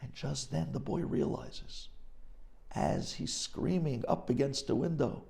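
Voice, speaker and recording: A man's voice: mid-range voice, animated, unhurried, gravelly, warm tone. A man, a rabbi, telling an inspirational story in a dramatic sermon.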